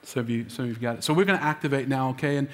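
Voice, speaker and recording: A man's voice: mid-range voice, rapid-fire, heavy background noise. Guy pastor preaching easter sermon, pumped up, gets the crowd answering back, big echoey church. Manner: energetic, calls for congregation responses. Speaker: lead pastor. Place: large church auditorium. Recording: long hall reverb.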